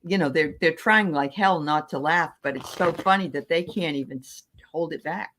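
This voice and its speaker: A woman's voice: sits low, normal speed, a bit bright, a little hiss or hum. Older woman, laughing rambly host. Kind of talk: casual livestream chat.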